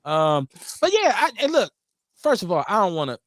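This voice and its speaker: A man with a Milwaukee accent hosting a casual radio talk show, animated and profane, often acting out quotes in mock voices. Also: high-pitched, normal speed, no echo, studio quality. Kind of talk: casual call-in radio chat.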